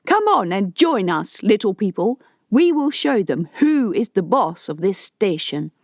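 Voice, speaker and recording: A woman's voice: mid-range voice, animated, a little slow, no echo, studio quality, natural voice. Woman reading a defiant rebel leader man. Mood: rallying. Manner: rousing, defiant speech. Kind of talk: audiobook character voice.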